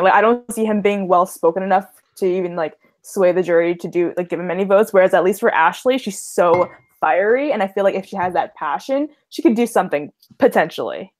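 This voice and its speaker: A woman's voice: on the low side, a little mellow. A woman on a video call as a guest panelist, chatting casually with lots of like. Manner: chatty, leans on like.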